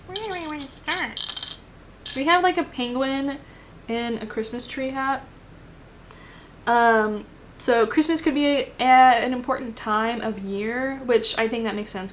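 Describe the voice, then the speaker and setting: A woman's voice: a little high, moderate pace, slight background noise. A woman giving a casual pick-a-card tarot reading, rambling and thinking aloud with lots of fillers. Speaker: tarot reader.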